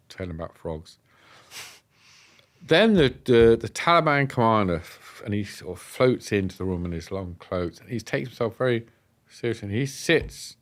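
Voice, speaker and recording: A man from England telling a personal story on a podcast, animated and acting out the dialogue. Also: lowish voice. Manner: animated, acts out quoted dialogue. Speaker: guest telling his story. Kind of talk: casual storytelling. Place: podcast studio.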